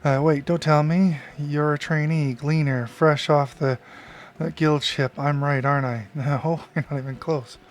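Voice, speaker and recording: A man reading out the lines of a chatty school clerk who welcomes a newcomer, slowly, stumbling over hard names. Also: a little high, fairly even intonation, faint music behind, natural voice. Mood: welcoming.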